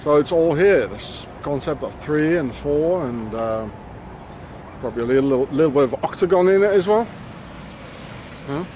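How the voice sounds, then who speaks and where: A man's voice: fairly high pitch, animated, normal speed, long pauses, darkish tone, slight background noise. A man vlogging on a walk around town, rambling in a conspiratorial way as he points things out to a handheld camera. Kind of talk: walking commentary to camera.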